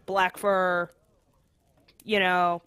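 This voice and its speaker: A woman player chatting casually during a tabletop game, halting and full of fillers. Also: lowish voice, flat delivery, fairly bright tone, smooth, no room sound.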